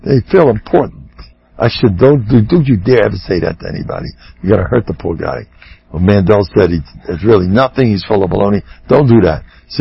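A man giving a joking, animated sermon about counseling, over a muffled radio broadcast. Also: on the low side, a little fast, creaky, husky. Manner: animated, joking, acts out quotes.

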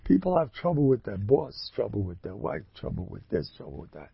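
A man giving a storytelling sermon, talking in an animated way with sudden loud, emphatic rises. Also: fairly low pitch, fairly quick, gravelly, husky, no echo. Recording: dull lo-fi dry recording.

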